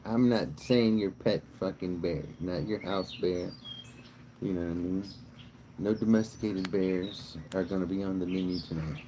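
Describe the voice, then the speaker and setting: A man's voice: deep voice, moderate pace, dark tone, slight background noise, low-quality recording. A man hosting a casual livestream outdoors by a cow pasture, rambling crudely and swearing a lot. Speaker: livestream host.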